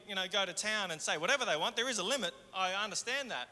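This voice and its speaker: A man preaching a sermon in a conversational way, moving between fervent and hushed. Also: sits high, fast, few pauses. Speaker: pastor. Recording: hall reverb.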